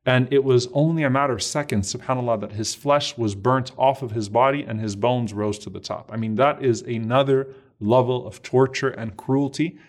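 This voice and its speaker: A middle-aged man delivers a sermon as a gripping story, voicing each speaker in turn. His voice sits in an ordinary middle register, and he mixes Arabic devotional phrases into his speech. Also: medium pitch. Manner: dramatic storytelling, acts out dialogue, sprinkles Arabic phrases. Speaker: Islamic preacher.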